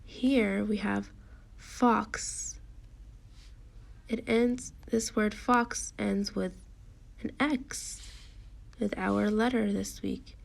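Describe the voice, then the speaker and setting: A woman's voice: mid-range voice, steady tone, extremely slow, gravelly, long pauses. A woman teacher reading a picture book with a young child, patiently explaining each step.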